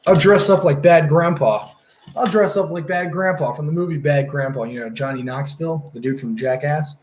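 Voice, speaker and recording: A man's voice: a little high, moderate pace, a little mellow, a little hiss or hum. Rambling, swearing young man streaming live. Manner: rambling, profane, easily distracted. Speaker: livestreamer. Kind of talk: casual livestream chat. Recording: roomy echo.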